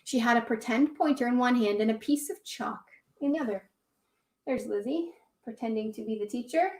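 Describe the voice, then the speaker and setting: Lady teaching kids yoga and reading a story, encouraging, high voice, echoey room. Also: a little fast, a little mellow, recorded from a distance. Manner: encouraging, coaching children through poses. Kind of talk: children's yoga story time.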